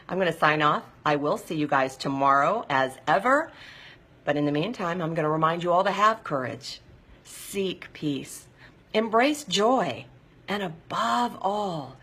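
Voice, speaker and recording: Bright-toned woman hosting a live stream. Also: sits low. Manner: warm, effusive and encouraging toward viewers. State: hot and sweaty, sighing. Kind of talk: live-stream chat reading viewer comments.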